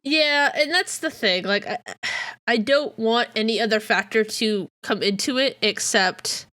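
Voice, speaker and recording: Here a female podcast co-host keeps up a casual, filler-heavy ramble at a measured pace. Her voice sits a little high and comes across pushed and bright, in a dry, studio-quality recording.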